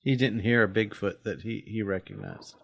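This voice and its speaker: A man's voice: fairly low pitch, expressive, normal speed, vocal fry, fairly bright tone, no echo. A man co-hosting a podcast, explaining things in an easygoing, teasing way. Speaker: podcast co-host. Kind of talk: casual podcast chat.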